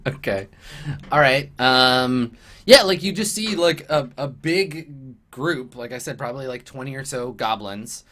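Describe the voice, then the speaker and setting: A man's voice: mid-range voice, animated, measured pace, pushed and bright. A man narrating as game master of a tabletop game, rambling with many fillers. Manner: rambling, full of fillers and laughs.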